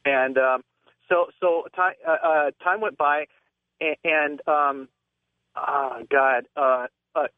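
A man calling into a radio show, telling a long personal story in a halting, rambling way with nervous laughs. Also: fairly high pitch, steady tone, dry recording. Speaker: caller. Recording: tinny phone line.

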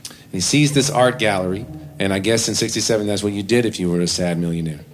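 Man, live stage storyteller, self-deprecating, animated, lower voice, stage mic, faint venue hum. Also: fast. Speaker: comedic musician performing live. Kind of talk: stand-up storytelling between songs.

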